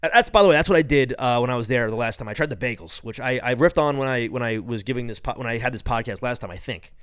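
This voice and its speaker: A man's voice: mid-range voice, quick pace, clean tone, dry recording, studio quality. Profane, rambling New York guy. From New York, Long Island. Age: late 20s. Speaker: podcast host. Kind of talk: casual solo podcast rant.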